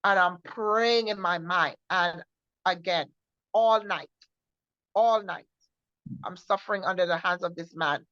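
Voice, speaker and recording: A woman recounts her own story in a low voice, earnest and halting, often repeating words and restarting as she goes. The recording is dry and close, with a dull, lo-fi tone that dulls the top end. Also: a bit bright, no echo. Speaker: guest sharing a personal testimony. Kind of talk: personal testimony storytelling.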